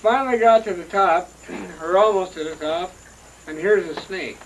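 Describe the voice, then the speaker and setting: A man's voice: sits high, normal speed. A man casually telling a family story at a home gathering, folksy and laughing as he goes. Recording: distant voice, noisy home video.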